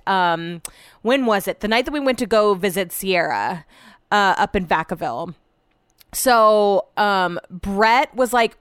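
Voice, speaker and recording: A woman's voice: mid-range voice, clear, resonant tone, no room sound, studio quality. A woman hosting a solo podcast, chatting casually in a rambling way, swearing freely and trailing off mid-sentence. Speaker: podcast host. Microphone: podcast microphone.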